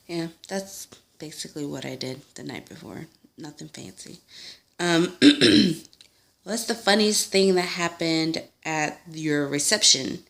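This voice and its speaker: A young woman talks at home in a relaxed vlog, her voice sitting low. She rambles with fillers and small laughs and acts out the quotes. The tone stays casual and unscripted. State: sick. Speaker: vlogger. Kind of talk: casual chat answering a tag video.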